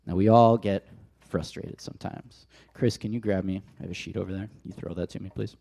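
A man preaching a conversational sermon, telling the story in a casual, animated way. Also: low-pitched, a little fast, vocal fry.

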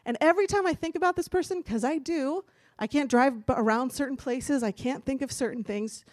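A woman's voice: sits high, brisk, darkish tone, no room sound, studio quality. A woman giving a candid, chatty personal testimony from a church stage, laughing now and then as she talks. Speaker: speaker giving a church talk.

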